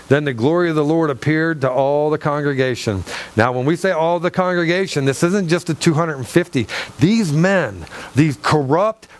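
A man preaching through a Bible passage, excitable and acting out the dialogue. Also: fairly high pitch. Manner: excitable, acts out scripture dialogue, laughs often. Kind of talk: animated Bible teaching.

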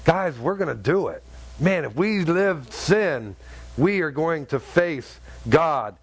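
Male pastor, middle-aged, slightly high voice, lively story-driven sermon with sound effects. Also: slow, breathy edge.

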